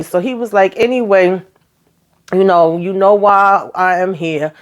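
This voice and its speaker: A woman's voice: mid-range voice, steady tone. A woman hosting her own recap channel, chatting casually and folksily, calling her listeners child and honey and acting out the characters' lines. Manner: acts out the characters' lines in quick voices.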